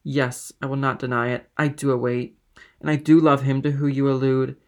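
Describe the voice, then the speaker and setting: A man's voice: mid-range voice, little pitch movement, moderate pace, natural voice. A man reading aloud and voicing a passionate, loyal young woman who speaks with raised emphasis. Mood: impassioned.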